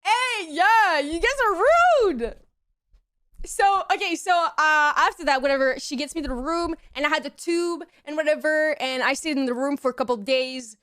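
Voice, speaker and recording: High-voiced woman streamer telling a story. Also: brisk, few pauses. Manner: animated, acts out quotes in high squeaky voices. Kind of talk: casual storytelling to chat.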